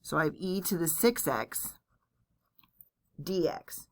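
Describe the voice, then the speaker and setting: A woman with a fairly low voice teaches calculus in a recorded lecture. She talks each step through aloud, keeping it chatty and joking at her own expense. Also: animated, takes it slowly. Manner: chatty, self-deprecating, walks through steps aloud. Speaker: math teacher.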